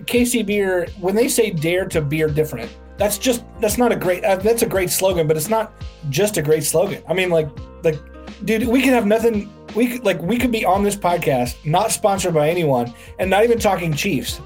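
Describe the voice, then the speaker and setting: A man co-hosts a sports podcast, his voice sitting a little high. He jokes and rambles loosely, full of fillers, while faint music plays behind him. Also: expressive, normal speed, darkish tone. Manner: jokey, rambling, filler-heavy. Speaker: podcast co-host. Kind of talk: casual sports podcast chat.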